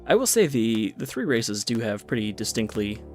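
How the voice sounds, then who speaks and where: Relaxed low-voiced man explaining gameplay. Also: moderate pace. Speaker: gaming video host. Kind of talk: casual gameplay commentary. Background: game music and unit sounds.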